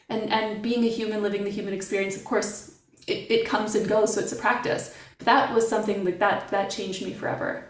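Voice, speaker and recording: A middle-aged woman talks in a lively, playful way as a podcast guest. Her voice sits at a middle pitch. It reaches the mic from a few feet back in an echoey room. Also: a little fast, far from the mic. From Canada. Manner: animated, playful storyteller. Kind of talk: casual podcast conversation.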